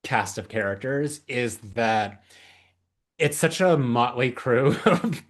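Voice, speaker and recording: A man hosting a podcast, talking casually about a horror film, with many pauses and restarts. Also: medium pitch, lively intonation. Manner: halting, many fillers and restarts. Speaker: podcast host.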